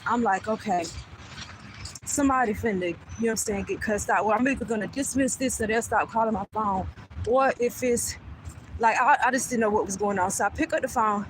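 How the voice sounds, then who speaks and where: A woman, speaking a little high, vents a story into her phone while walking outside. She is animated and blunt and swears freely. A faint hum of passing cars sits under her voice. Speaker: vlogger. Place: outdoors on a street.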